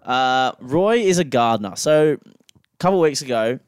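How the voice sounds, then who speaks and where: A man's voice: mid-range voice, lively intonation, normal speed, clean tone, no room sound. A man with an Australian accent, bluntly telling stories and giving opinions on a casual podcast, swearing freely. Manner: blunt, swears freely, mimics people in anecdotes. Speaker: podcast co-host. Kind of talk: casual podcast banter and storytelling.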